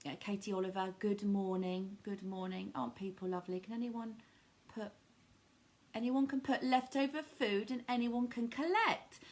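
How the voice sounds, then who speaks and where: A woman's voice: mid-range voice, fairly even intonation, normal speed. A middle-aged woman doing a live card reading, affectionately calling viewers darling and sweetie.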